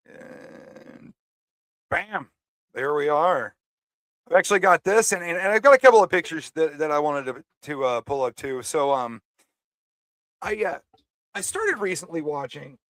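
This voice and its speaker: Male co-host, fairly high voice, stop-start chatty delivery, dry close mic. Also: expressive, a bit bright, dry recording. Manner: halting, repeats words. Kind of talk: casual podcast commentary.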